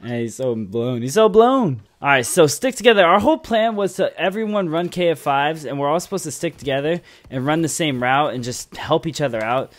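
A young man giving casual, excitable commentary over a shooter game, cursing freely and tagging "man" onto his lines. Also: a little high, a little fast, few pauses. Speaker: gameplay commentator.

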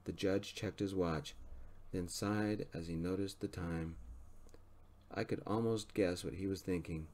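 A man reading a story aloud in a soft-spoken, gentle manner. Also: deep voice, measured pace. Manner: gentle, even reading pace.

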